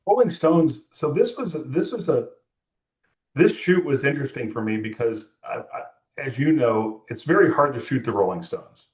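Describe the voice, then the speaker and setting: A man's voice: mid-range voice, lively intonation, normal speed, echoey room. A man from California, a music photographer, telling a long story in an interview with many fillers and restarts.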